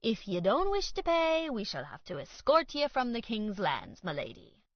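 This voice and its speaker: A woman's voice: a little high, huge pitch swings, normal speed, dry recording, highs cut off, pitched above the performer's own voice. A woman narrator voicing a bald man at a medieval reenactment, stubborn and leering, speaking in faux-archaic style. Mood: pompous.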